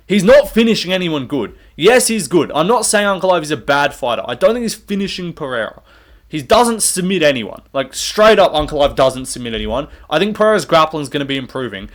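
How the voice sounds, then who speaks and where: A young man in the middle of an angry, swear-heavy rant about fighters. His voice sits at a middling pitch. He keeps up a sarcastic, worked-up tone. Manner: heated, profane, sarcastic ranting. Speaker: MMA commentator. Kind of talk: ranting fight-prediction vlog.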